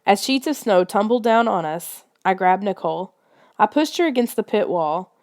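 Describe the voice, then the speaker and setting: A woman's voice: medium pitch, lively intonation, normal speed, a little mellow. A woman narrating a children's adventure book in a tense, suspenseful reading style. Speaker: audiobook reader. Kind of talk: scripted storybook narration.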